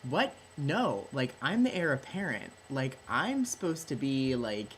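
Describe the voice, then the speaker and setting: A man's voice: mid-range voice, sing-song, measured pace, fairly bright tone, slight background noise, voice pushed up, poor audio. A tipsy man voicing a whiny, entitled young prince who talks in valley slang, "like" in every phrase. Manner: valley-speak, peppered with "like".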